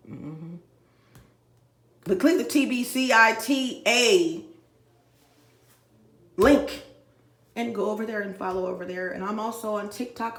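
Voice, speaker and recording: A woman's voice: mid-range voice, a bit bright, reverberant. A middle-aged woman from Dallas, Texas, ranting in a profane, rambling vlog recorded at home. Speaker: YouTuber. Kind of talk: emotional vlog rant. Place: home room.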